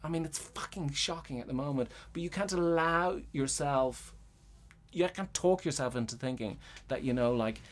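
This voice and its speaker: A man's voice: a little high, normal speed. A middle-aged Irish man, a playwright, talking in a loose casual chat, rambling with lots of fillers and restarts and frequent swearing. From Ireland. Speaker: guest playwright. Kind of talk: casual conversation.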